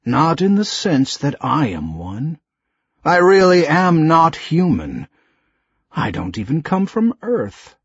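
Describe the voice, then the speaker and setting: A man voicing a brutal male killer who claims to be an inhuman beast, talking low, slow and cold. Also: wildly swooping pitch, slightly rough, no room sound, lo-fi sound, full character voice.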